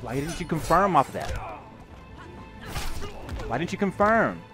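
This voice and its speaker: A man playing a fighting game and heckling his rival nonstop. His voice sits fairly high and swings wildly in pitch. He is loud and profane, and game music plays behind him. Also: sing-song, measured pace. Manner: loud, profane trash talk with mocking repeats. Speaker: gaming video host and player. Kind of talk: live commentary while playing a fighting game.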